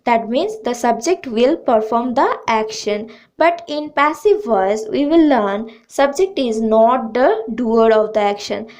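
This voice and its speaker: A woman's voice: on the high side, animated, unhurried, hardly any pauses, darkish tone. A woman with an Indian English accent teaching grammar to students in a patient, repetitive way. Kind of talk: slow explanatory lesson.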